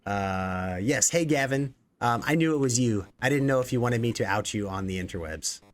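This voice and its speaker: A man hosting a casual live stream, his voice sitting at a middle pitch. He rambles and jokes, piling up fillers and side stories as he talks to the chat. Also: lively intonation, normal speed. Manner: rambling, jokey, many fillers. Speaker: executive producer and stream host.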